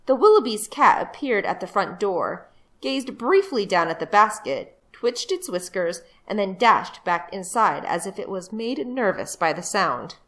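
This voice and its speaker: A librarian reading a children's book aloud, a woman telling the story in a lively way. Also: mid-range voice, unhurried.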